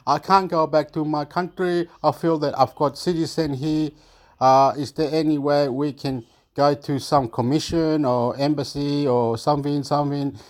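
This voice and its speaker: A man tells a family story in a loose, rambling way and keeps circling back to the same points. His voice sits a little high for a man, and he swears casually as he goes. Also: fairly even intonation, normal speed, a little mellow.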